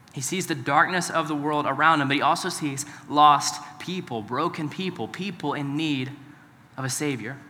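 Male pastor, conversational sermon, bright forceful tone, a touch high, long hall reverb. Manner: conversational, asks the congregation questions.

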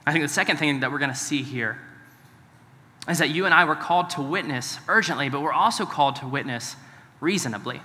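A male pastor delivers a conversational sermon, often putting questions to the congregation. His voice sits on the high side, pushed and bright, moving fairly quickly, with long hall reverb on the recording.

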